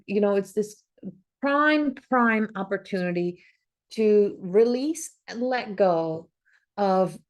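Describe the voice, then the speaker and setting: A woman's voice: mid-range voice, a little mellow. A woman reading tarot cards for a forecast to camera, talking earnestly with repeats and restarts, encouraging her viewers. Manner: earnest, repetitive, encouraging, thinks aloud with restarts. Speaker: psychic reader. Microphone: camera, solo video.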